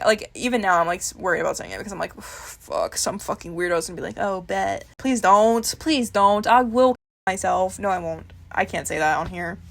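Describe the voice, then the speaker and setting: Young woman vlogging, kinda gravelly voice, swears a lot, laughs at herself, super candid. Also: medium pitch. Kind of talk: casual confessional chat.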